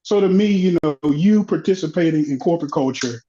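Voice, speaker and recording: A man's voice: a little high, fairly quick, dull audio, a crowd in the background. A man co-hosting a podcast who sounds defensive and hesitant in a heated casual debate, repeating words as he searches for them. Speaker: podcast co-host.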